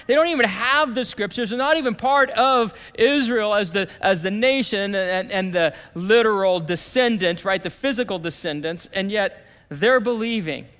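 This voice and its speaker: A man preaching a sermon as pastor, talking in a conversational way that swings from lively to hushed. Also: sits high, normal speed, clear, resonant tone. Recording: long reverb of a church hall.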